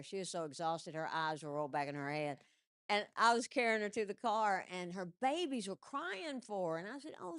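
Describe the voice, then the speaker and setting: A woman comedian telling animated stand-up stories into a stage mic and laughing at her own jokes. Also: medium pitch, no room sound, clean studio sound.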